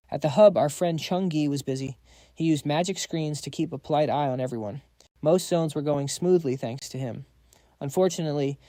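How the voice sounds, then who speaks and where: A man's voice: a little high, warm tone, no room sound, clean studio sound. A man narrating a fantasy comic recap in a dramatic, scripted storytelling style.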